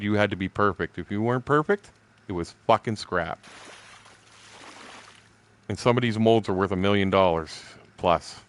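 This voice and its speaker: A man's voice: lowish voice, fairly bright tone. A man in his sixties telling stories casually while streaming a game. He is blunt, swears constantly and laughs between remarks. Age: 60s. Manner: blunt, heavily profane. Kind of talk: casual rambling storytelling.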